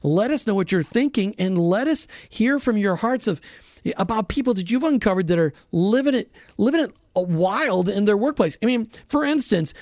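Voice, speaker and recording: A man's voice: sits high, animated, moderate pace, darkish tone, no room sound, clean studio sound. A man hosting a faith-based radio talk show, chatting casually and enthusiastically with frequent restarts. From Florida. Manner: enthusiastic, folksy, restarts often.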